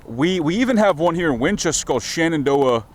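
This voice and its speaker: A man's voice: fairly high pitch, animated, brisk. A man from the United States talking casually to a handheld camera outdoors in a rambling, profane, stammering rant. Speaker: vlogger. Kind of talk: casual vlog monologue. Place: outdoors in a small town street.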